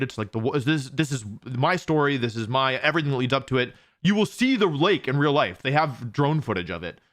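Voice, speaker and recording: A man's voice: mid-range voice, a bit bright. A young man hosting a live stream, chatting casually as he reads out viewer questions and answers them with lots of restarts. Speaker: streamer hosting a watch party.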